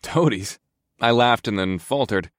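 A male audiobook narrator reads a first-person fantasy with a wry, grumbling, understated delivery. His voice sits very low. The recording is close and dry. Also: moderate pace, no room sound.

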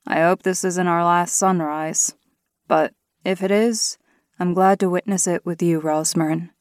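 A woman voicing a tender young man speaking softly to his wife in an audiobook. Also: fairly low pitch, fairly even intonation, a little slow, no echo, clean studio sound, close to an everyday voice.

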